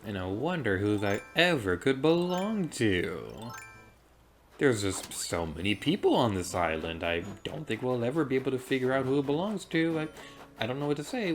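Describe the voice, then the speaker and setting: Woman with an unusually deep voice, let's play host; chatty, wanders into side stories while gaming. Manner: chatty, rambling, goes off on tangents. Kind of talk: casual gameplay commentary.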